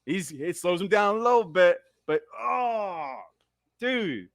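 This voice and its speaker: Excitable, swearing male movie reactor. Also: sits high, slow pace, no echo, studio quality. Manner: excitable, profane fan riffing. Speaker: movie commentary host. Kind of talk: live movie reaction commentary.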